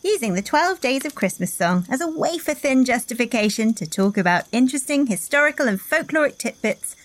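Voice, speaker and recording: Wry, higher-voiced woman co-host. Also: animated, a little fast, no echo. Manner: wry, teasing. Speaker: podcast co-host. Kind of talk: casual chat.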